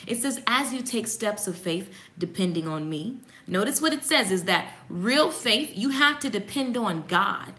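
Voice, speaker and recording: A woman hosting a casual morning devotional. She reads passages aloud and comments on them in an animated, preachy way, speaking straight to her viewers. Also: medium pitch, measured pace, hardly any pauses. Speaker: host giving a morning devotional.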